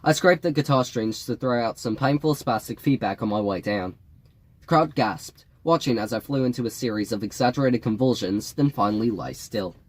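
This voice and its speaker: Man, audiobook narration, wry and measured delivery, mid-range pitch, dry close recording. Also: dry recording. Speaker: audiobook reader.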